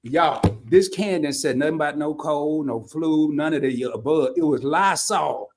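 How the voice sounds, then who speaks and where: High-voiced man telling animated stories. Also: normal speed. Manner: animated storyteller, laughs often. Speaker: host. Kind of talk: comedic casual chat.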